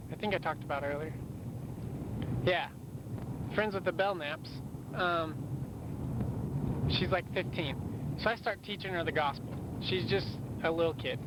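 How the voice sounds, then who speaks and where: A young man missionary recording a rambling, casual audio letter, telling a story with lots of fillers. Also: fairly high pitch. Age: young adult. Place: in a moving car. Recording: noisy car recording.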